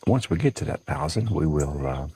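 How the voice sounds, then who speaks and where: A man's voice: extremely low pitch, animated, normal speed, mellow, slight background noise, poor audio. A man with a Southern US accent hosting a casual livestream from a porch at dawn, chatting and greeting viewers by name. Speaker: livestream host.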